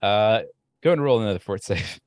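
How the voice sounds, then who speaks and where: A man narrating a tabletop game as game master in an unhurried way with frequent fillers. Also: fairly low pitch, lively intonation, darkish tone, slight background noise.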